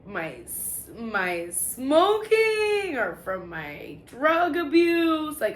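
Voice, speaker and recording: A woman's voice: fairly low pitch, a bit bright. A woman telling her personal testimony in casual, confessional storytelling, candid and profane, often stopping to restart her sentences. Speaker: vlogger sharing personal testimony. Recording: echoey room with faint background noise.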